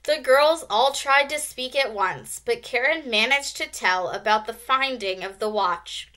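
A woman teacher reading a children's chapter book aloud, slow and expressive. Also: on the high side. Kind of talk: read-aloud narration.

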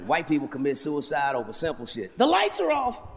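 Profane, high-voiced male stand-up comic. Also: creaky, heavy background noise. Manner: profane, loud, animated storytelling. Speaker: stand-up comedian. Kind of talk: stand-up comedy. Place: large venue with audience. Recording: live hall with loud crowd.

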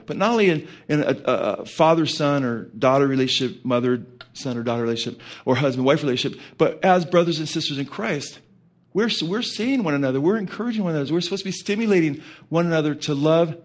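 A middle-aged man preaching a sermon as pastor, conversational and rambling, full of fillers and asides. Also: fairly high pitch.

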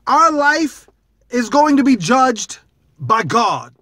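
High-voiced man preaching animatedly. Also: slow, no room sound, studio quality. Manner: animated, conversational preaching with repeated phrases. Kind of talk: devotional video message.

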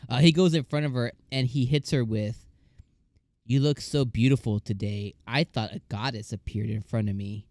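A man's voice: mid-range voice, normal speed, a little mellow, no echo, studio quality. A man casually reviewing an anime episode, laughing often and acting out scenes in comic voices.

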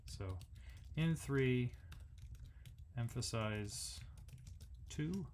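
A man's voice: medium pitch, slow. A man hosting a music lesson, thinking aloud as he analyzes a symphony and sings the rhythms on nonsense syllables. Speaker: music educator host.

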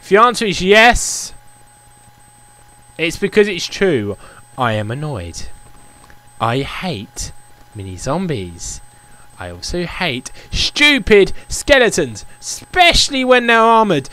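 High, lively ranting young man. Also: unhurried, dry recording. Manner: ranting, exasperated, repetitive. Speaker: gaming YouTuber. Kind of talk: Minecraft let's play commentary.

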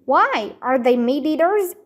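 A nervous young boy from a storybook who stammers and hesitates, as a woman reads him aloud. The voice is high and the delivery slow. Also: animated.

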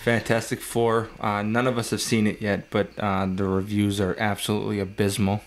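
A man with a somewhat low voice co-hosts a casual podcast. He speaks in measured phrases, often pausing on "uh" and "um" as he gathers his thoughts. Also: monotone. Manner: measured, with frequent "uh" and "um" pauses. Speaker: podcast co-host. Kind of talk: casual chat.

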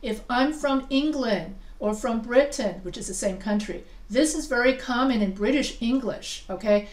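A woman's voice: on the high side, normal speed. A woman teaching a writing class, chatty and full of questions to her students, often restarting her sentences. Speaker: writing instructor. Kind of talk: live class lesson. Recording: echoey room, voice from far off.

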